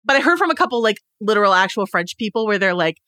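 A woman's voice: medium pitch, sing-song, sharp tone, smooth, dry recording, studio quality. A woman co-hosting a casual pop-culture chat, chatty and playing out imagined dialogue. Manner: chatty, quick restarts, plays out imagined dialogue. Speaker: podcast co-host.

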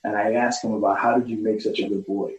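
Middle-aged man, casual chat, animated storytelling, roomy, distant, dull sound. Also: lowish voice, fast. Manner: storytelling with put-on voices and laughs. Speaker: podcast guest. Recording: roomy, distant, muffled recording.

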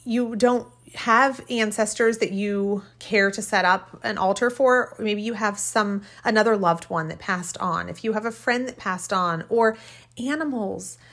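A woman's voice: medium pitch, unhurried, fairly bright tone. A woman hosting a podcast, telling a personal story in a heartfelt, rambling way and often laughing as she talks. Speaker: podcast host. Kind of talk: casual personal storytelling monologue.

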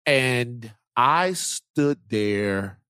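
Animated male podcast host, dry sound. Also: mid-range voice, extremely slow, clear, resonant tone, no room sound. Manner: animated, repeats words, voice drops for a serious story. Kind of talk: casual chat and storytelling.

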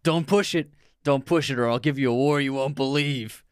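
Man doing a gruff soldier's low threat, amateur impression, mid-pitched voice, dry close mic. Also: moderate pace, no room sound, lightly acted. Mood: threatening. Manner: amateur impression of a film star. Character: gruff male soldier issuing a quiet threat.

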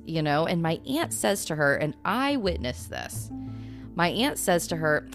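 A woman's voice: lowish voice, big pitch swings, unhurried, faint music behind. A woman podcast host telling a story in a casual, rambling way, full of little asides.

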